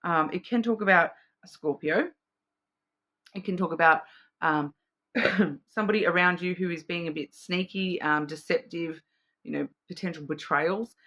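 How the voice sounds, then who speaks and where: A woman's voice: on the low side, moderate pace, a bit bright. An Australian woman giving a casual, intuitive card reading, rambling with many fillers and restarts. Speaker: card reader.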